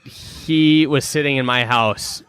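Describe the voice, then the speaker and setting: A man's voice: mid-range voice, takes it slowly, clear, resonant tone. A man in his thirties from Minnesota with a Minnesotan accent, a hockey player telling stories in a casual chat and acting out the people he quotes. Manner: animated storyteller acting out quotes. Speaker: guest, pro hockey player.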